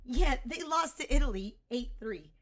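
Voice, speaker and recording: A woman with a slightly high voice co-hosts a rugby podcast. She argues her points in casual chat and backs them with match statistics. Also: lively intonation, moderate pace, a bit bright. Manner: argumentative, stat-citing. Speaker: podcast co-host.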